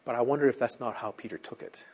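A man preaching a sermon in an animated way, who keeps checking in with his listeners. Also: medium pitch, quick pace, husky.

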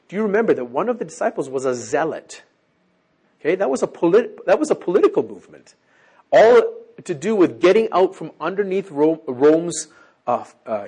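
A man preaching a sermon in an animated way, who keeps checking in with his listeners. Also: on the high side, slightly rough.

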